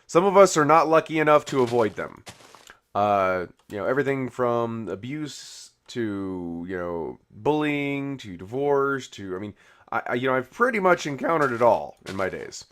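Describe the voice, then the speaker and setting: A male YouTube game host gives casual commentary as he builds, rambling and full of "you know" and restarts. His voice is mid-range with a fairly bright tone.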